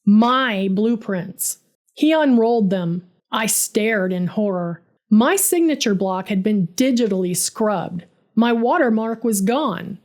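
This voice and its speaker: A woman's voice: medium pitch, lively intonation, slow pace, darkish tone. A woman narrating her own first-person story, dramatic and bitter in tone.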